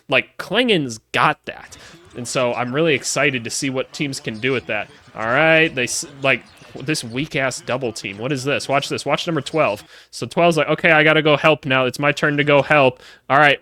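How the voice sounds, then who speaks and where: Animated man breaking down game film. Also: mid-range voice. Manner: animated, excitable, talks to viewers as y'all and my guy. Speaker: former college basketball coach reviewing film. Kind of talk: casual film breakdown commentary.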